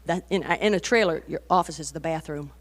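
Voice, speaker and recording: Woman, 40s, conversational sermon speaker; animated anecdotes, rhetorical asides, emphatic peaks. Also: deep voice, fairly quick, a little hiss or hum. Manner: animated storytelling, rising to emphatic bursts. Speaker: women's conference speaker. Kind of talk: conversational sermon to mothers and teens.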